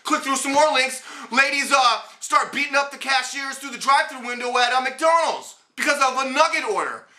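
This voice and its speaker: A man's voice: very high voice, lively intonation, fairly quick, hardly any pauses, sharp tone. Male host for a ranting political vlog, blunt and sarcastic, recorded in a roomy, echoey space. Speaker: host of a political commentary show.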